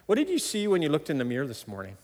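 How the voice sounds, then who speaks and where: A man preaching a sermon, emphatic and animated, often laughing between points. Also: very fast, slight background noise. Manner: animated, emphatic preaching with sudden loud high stresses. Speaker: pastor. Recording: long hall reverb.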